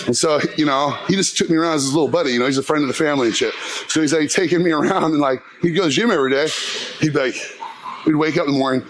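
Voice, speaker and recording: A man's voice: on the high side, very fast, poor audio. A man telling stories casually while training at the gym, rambling, swearing freely and laughing as he talks. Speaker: fitness vlogger. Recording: loud crowd noise behind.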